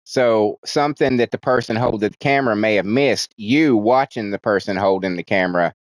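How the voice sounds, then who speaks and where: A man's voice: fairly low pitch, fairly quick, no room sound. A man casually recapping a movie's plot as a reviewer, rambling and swearing, restarting sentences and acting out characters' lines in livelier voices. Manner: profane, rambling, frequent restarts, animated voices for quotes.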